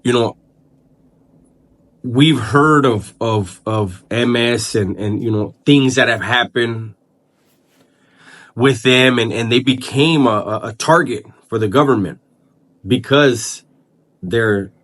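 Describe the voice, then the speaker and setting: A man's voice: medium pitch, a bit bright. A man hosting his own video channel, talking casually to the camera and restarting his sentences often as he thinks aloud. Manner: halting, repeats words and restarts while thinking aloud. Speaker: channel host. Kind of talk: casual vlog commentary.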